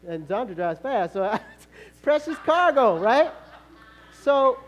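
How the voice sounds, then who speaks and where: A male pastor preaching a sermon, telling a story in a conversational way with laughter and sudden shouts. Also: high-pitched, expressive, slow pace.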